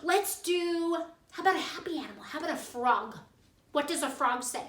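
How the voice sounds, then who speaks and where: Woman, preschool music teacher, bright and sing-song, faraway voice, echoey room, music in the background. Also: sits high, normal speed, far from the mic. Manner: animated, sing-song, talks to young children. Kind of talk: children's music class.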